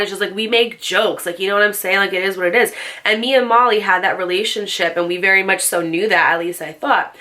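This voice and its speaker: A woman's voice: mid-range voice, bright, forceful tone. A young woman telling a storytime vlog in a chatty, sarcastic way, full of fillers. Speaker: storytime vlogger. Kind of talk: casual storytelling.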